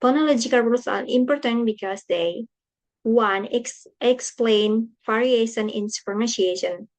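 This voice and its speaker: A woman's voice: a little high, normal speed, rough recording. A young woman with an Indonesian accent, whose first language is Indonesian, reading a class presentation aloud carefully, with slips and restarts. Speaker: student presenting coursework.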